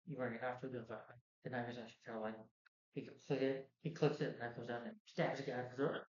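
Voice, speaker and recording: A man's voice: mid-range voice, fairly even intonation, quick pace. Rambling man recapping a movie. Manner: rambling, full of "you know" and "like". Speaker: movie reviewer. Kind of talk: casual plot recap. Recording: roomy, dull lo-fi sound.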